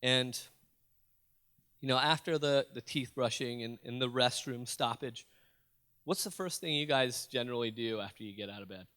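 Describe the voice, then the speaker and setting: Animated man telling a story onstage. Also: mid-range voice, normal speed, smooth. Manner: animated, addresses the audience with questions and jokes. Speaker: motivational youth speaker. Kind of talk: storytelling keynote speech. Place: school auditorium.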